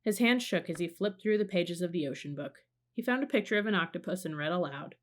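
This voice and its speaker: Woman, storybook reader, calm, measured, lowish voice. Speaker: audiobook reader. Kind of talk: storybook narration.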